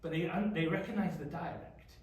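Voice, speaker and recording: This youth pastor speaks with an English accent in a slightly high, slightly mellow voice, moving a little fast. Leading a casual youth Bible study, he chats freely and often asks the group questions, recorded at a distance in an echoey church youth room.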